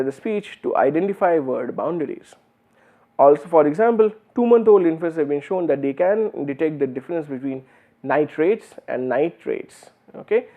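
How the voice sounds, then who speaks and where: Male lecturer with an Indian English accent, slightly high voice, explanatory and full of fillers; narrow, phone-like recording. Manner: explanatory, uses many fillers and restarts. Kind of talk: university lecture.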